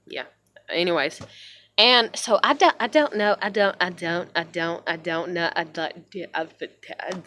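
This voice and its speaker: A woman's voice: mid-range voice, a bit bright. A young woman ranting in a blunt, heavily profane vlog monologue at home. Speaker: vlogger.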